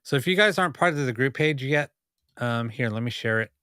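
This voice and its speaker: Male podcast host, bright and crisp, chatty storyteller who keeps restarting his sentences. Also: mid-range voice, animated, brisk, no room sound, studio quality. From United States (Los Angeles). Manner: rambling anecdotes with many fillers and restarts. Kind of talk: casual podcast chat.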